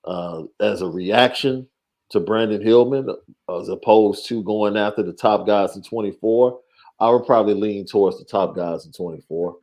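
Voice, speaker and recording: A man co-hosting a casual sports talk show, measured, repeating his points for emphasis. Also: on the low side, a little mellow. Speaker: podcast co-host, recruiting analyst.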